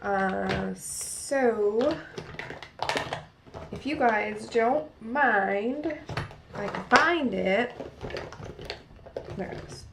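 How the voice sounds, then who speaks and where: Young woman, New Jersey accent, beauty vlogger, slow rambling chat, many fillers, faint room hiss, camera mic. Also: a little high, gravelly. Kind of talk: casual makeup tutorial chat. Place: at home in front of a mirror.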